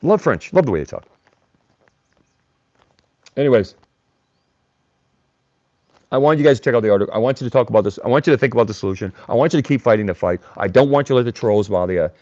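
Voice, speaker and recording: Male livestream host, mocking and blunt, very animated delivery, dull dry sound. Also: mid-range voice, fast talker, long pauses, no echo. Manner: blunt, combative, mocks chatters by name. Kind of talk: live-stream rant reading chat.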